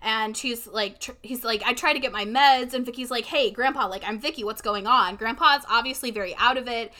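A woman's voice: fairly high pitch, brisk, pushed and bright. A young woman co-hosting a casual chat, recapping a story and acting out the characters' lines. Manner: chatty, acts out characters' lines with swearing.

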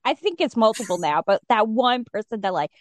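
A woman's voice: a little high, big pitch swings, fairly quick, no echo. Dry-sounding woman podcast co-host. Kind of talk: casual podcast chat.

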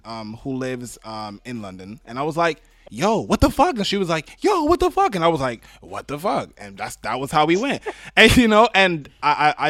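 An American man chatting casually, animated and slangy, swearing and laughing. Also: medium pitch, no room sound, clean studio sound. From United States. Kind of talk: casual political chat.

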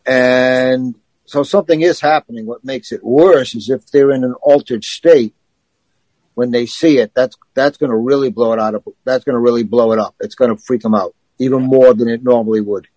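A man's voice: mid-range voice, steady tone, moderate pace, a little mellow, dry recording, low-quality recording. A man co-hosting a podcast, talking in an earnest, matter-of-fact way. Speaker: podcast co-host. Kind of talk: casual chat.

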